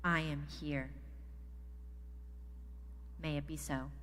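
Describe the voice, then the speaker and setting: A woman reads a story aloud in a church service, slow and soft, coming back again and again to a calm refrain. Her voice sits a bit low. It rings through a sanctuary with a long reverb. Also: slight background noise. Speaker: story reader in worship service. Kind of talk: slow gentle story reading to children.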